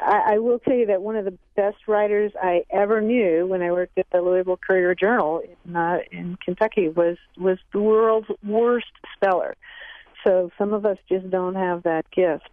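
A woman's voice: medium pitch, no room sound. Woman guest on a thin phone line. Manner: thoughtful, hesitant with many ums. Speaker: language expert guest. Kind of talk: call-in radio chat.

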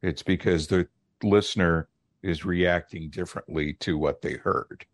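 A middle-aged man, a linguist and professor, explaining his research as a guest on a radio interview in a measured way. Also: deep voice, fairly even intonation, no room sound. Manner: measured, explanatory, with occasional fillers.

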